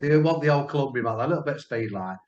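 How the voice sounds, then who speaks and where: A man's voice: medium pitch, animated, very fast, a little mellow. Sweary man telling stories. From Lincoln, England. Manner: sweary, blunt. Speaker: panel member. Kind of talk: storytelling in casual chat. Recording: roomy, dull lo-fi sound.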